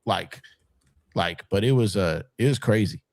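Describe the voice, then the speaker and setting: A man telling a profane, animated story in casual podcast talk. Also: on the low side, unhurried, vocal fry, no room sound. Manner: animated, profane, acts out quotes. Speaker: podcast co-host.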